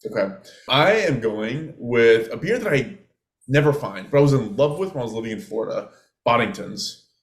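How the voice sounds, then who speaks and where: A man's voice: medium pitch, lively intonation, moderate pace. A man co-hosting a podcast, chatting and joking as he starts telling a true-crime story. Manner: chatty, joking, trails off and restarts. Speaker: podcast co-host. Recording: roomy echo.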